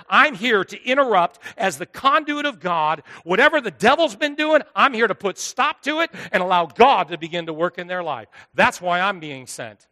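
A man preaching a sermon as pastor, swinging between hushed asides and loud, driving lines. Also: high voice. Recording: long hall reverb.

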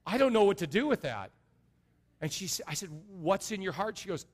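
A middle-aged man preaching an earnest sermon as a pastor, going from soft and low to loud and high. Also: lively intonation, brisk. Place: large church sanctuary. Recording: long reverb of a large hall.

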